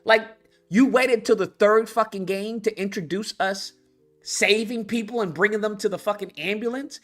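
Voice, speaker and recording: A man's voice: high-pitched, moderate pace, fairly bright tone, faint music behind. A man hosting his own commentary channel, ranting about a video game in a heated, profane way with many restarts.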